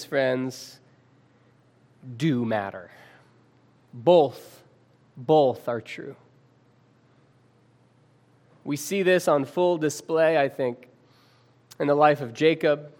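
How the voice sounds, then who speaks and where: A male preacher giving a sermon, reading scripture aloud with dramatic pauses and calling his listeners friends. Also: fairly high pitch.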